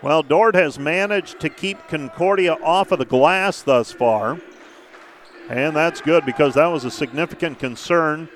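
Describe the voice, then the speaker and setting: Male play-by-play caller, slightly high pitch, quick clipped calls, faint gym noise behind. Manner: brisk name-by-name play calling with stat asides. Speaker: play-by-play announcer. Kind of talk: live basketball commentary.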